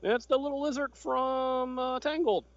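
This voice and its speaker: A man's voice: very high voice, steady tone, moderate pace. A man co-hosting a casual chat, explaining things in an easygoing way and laughing often. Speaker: podcast co-host. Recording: dry, dull lo-fi sound.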